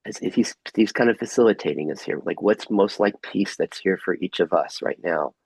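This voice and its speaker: A man facilitating an online group workshop over a video call, gently asking soft reflective questions. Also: sits low, moderate pace, slightly rough, no echo, low-quality recording.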